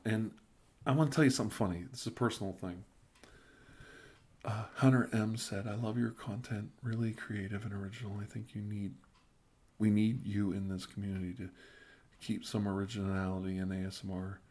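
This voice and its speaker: A middle-aged man with a lowish voice chats loosely on a live stream, a little drunk. He rambles, trips over restarts, and slips into quiet whispers now and then. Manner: rambling, stammering restarts, drifting into soft whispers. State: tipsy. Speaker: ASMR live stream host. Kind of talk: casual live stream chat, reading viewer comments.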